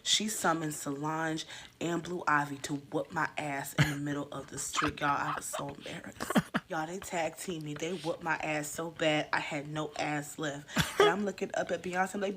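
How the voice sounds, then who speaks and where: Animated woman telling a comic story. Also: low voice, moderate pace, slight background noise. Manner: animated, exaggerated, swings loud and soft. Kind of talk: comedic storytime skit.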